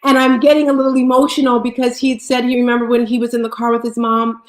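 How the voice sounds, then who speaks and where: A woman's voice: a little high, flat delivery, fast. A woman co-hosting a casual live stream, talking with passion and emotion and often repeating herself. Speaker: co-host. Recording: echoey room.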